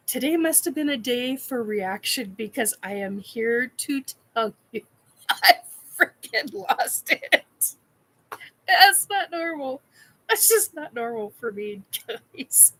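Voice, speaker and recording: A woman's voice: on the high side, fairly bright tone. A woman hosting a casual live chat, giddy, laughing often and swearing while she answers comments. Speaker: live stream host. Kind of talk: casual live chat reacting to a painting video.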